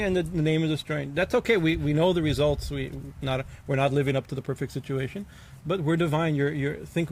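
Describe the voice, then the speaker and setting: Male swami, gravelly voice, informal halting discourse with frequent fillers and bursts of emphasis, faint background hiss. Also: a little high. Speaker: swami giving a scripture class.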